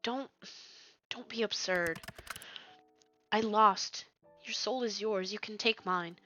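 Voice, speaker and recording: A woman voicing a gentle, devoted male grim reaper who speaks softly and reassuringly, in a slightly dull lo-fi stream recording. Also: mid-range voice, slow, soft background music. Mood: tender. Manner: soft, tender and reassuring.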